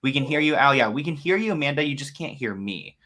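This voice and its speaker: A man chats on a live stream in a loose, rambling way, full of fillers and shout-outs to viewers. His voice is bright and forceful, at an ordinary pitch. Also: animated, fast. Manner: chatty, rambling with fillers, greets viewers by name. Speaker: host. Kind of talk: casual live-stream chat.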